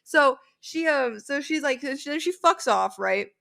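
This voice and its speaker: A young woman co-hosting a podcast, telling stories in a lively, profane, casual way. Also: high-pitched, unhurried, vocal fry. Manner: profane, animated storytelling. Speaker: podcast co-host. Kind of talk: casual chat.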